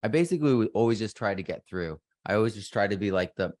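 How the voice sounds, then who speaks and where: Middle-aged male guest, low register, rambling and self-interrupting, dry booth sound. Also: animated, fast, a little mellow, no room sound. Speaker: podcast guest. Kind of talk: casual interview conversation.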